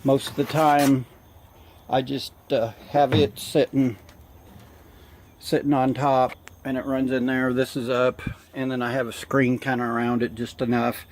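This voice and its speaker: A man out of breath, filming a casual walk-around vlog outdoors, halting with many fillers. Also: medium pitch, level tone, darkish tone, slight background noise. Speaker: hobby gardener vlogger. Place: outdoor yard.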